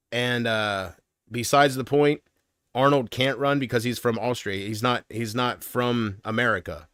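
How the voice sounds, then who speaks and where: Man, livestream host, casual rambling, jokey, average pitch, dry close mic. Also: a little slow, fairly bright tone, smooth, no echo. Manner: rambling, joking, laughs at his own jokes.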